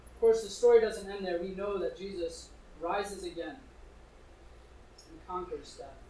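A man's voice: sits high, measured pace, background noise. A male preacher reading scripture aloud and explaining it in a conversational way, with questions put straight to his listeners. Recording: echoey room, distant mic.

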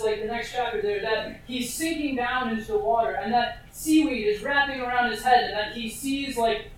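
A preacher tells a story in a loose, conversational way, full of fillers and little asides. The voice sits at a middling pitch and comes from a distance. It rings through a very reverberant hall, with a faint hiss underneath. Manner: chatty, with many fillers and asides to the audience. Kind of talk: casual conversational sermon.

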